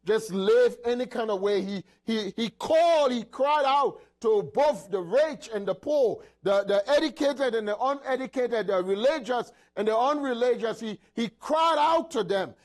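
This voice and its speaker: A man preaching a sermon in an emphatic, halting way, with many repeated words and restarts. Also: very high-pitched.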